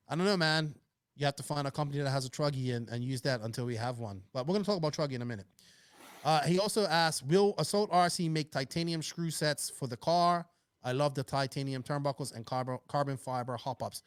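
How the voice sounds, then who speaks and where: A man's voice: mid-range voice, fairly quick, clear, resonant tone, dry recording. A man hosting a casual podcast, upbeat and chatty as he reads out listener questions. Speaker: podcast host.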